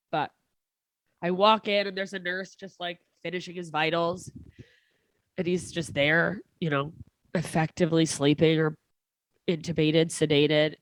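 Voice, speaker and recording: A woman with a fairly low voice talks through a personal story in a loose, conversational way. She often stops and restarts, leans on fillers, and drops in a short laugh now and then. The sound is dry and close to the mic. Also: no echo. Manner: halting, many fillers and restarts, laughs between lines. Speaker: comedian guest.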